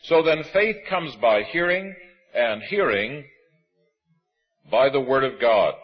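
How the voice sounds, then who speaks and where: A man delivers a sermon, reading scripture in a husky, measured voice. He slows down to lean on the words he wants to stress. The recording sounds slightly dull and lo-fi. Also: mid-range voice, animated, soft background music. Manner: measured, emphatic preaching with slow stresses. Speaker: preacher.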